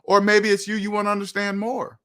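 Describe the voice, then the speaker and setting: A man's voice: high voice, completely flat delivery, bright, forceful tone, clean tone. Emphatic man hosting a live chat. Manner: emphatic, slows down to stress points, laughs. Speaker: livestream host. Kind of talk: live chat reading comments.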